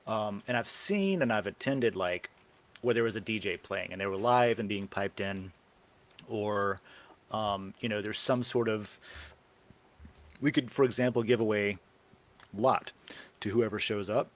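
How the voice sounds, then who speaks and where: A man's voice: on the low side, unhurried, pauses often. A man hosting a casual live show, rambling and brainstorming ideas aloud with plenty of fillers. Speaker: podcast host. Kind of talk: casual live-stream chat.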